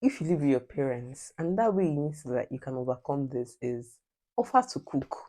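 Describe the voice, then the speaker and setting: A woman's voice: rumbling low, lively intonation, brisk, warm tone. Emphatic Nigerian woman giving advice. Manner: direct, preachy, emphatic repetition. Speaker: vlogger. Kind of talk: casual advice vlog.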